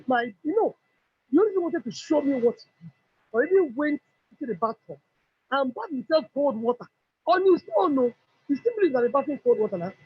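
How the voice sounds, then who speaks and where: This is an emotional product testimony from a middle-aged woman with a Nigerian English accent and a voice that sits high. Telling her story with animation, she acts out what others said. The recording is dry, dull, and lo-fi.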